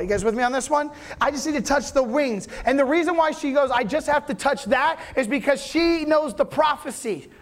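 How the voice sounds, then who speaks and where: A man with a very high voice delivers a conversational sermon as a pastor. He keeps asking his listeners whether they follow. He slips into the voices of people in the story as he tells it. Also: fairly quick, hardly any pauses. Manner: conversational preaching, checks in with listeners often.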